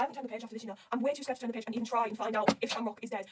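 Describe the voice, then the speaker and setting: A woman's voice: high-pitched, very fast, hardly any pauses, recorded from a distance, noisy background. A woman gushing and swearing as she rambles through the plot of a comic she is reading, in a casual reaction vlog. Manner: excitable, gushing, swears constantly. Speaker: manga reader reacting.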